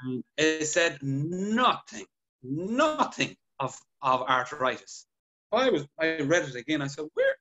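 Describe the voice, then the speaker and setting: A man chatting on a podcast, telling patient stories with lively acted-out dialogue. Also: on the high side, takes it slowly, muffled recording. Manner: animated storytelling, acts out patient dialogue. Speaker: podcast guest clinician. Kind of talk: casual podcast chat.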